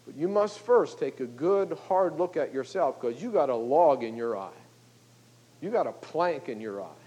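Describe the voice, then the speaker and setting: A man's voice: a little high, lively intonation, normal speed, warm tone, husky, lo-fi sound. An older man, a pastor, preaching a sermon in a conversational, folksy way, often checking in with "okay?" and "you know".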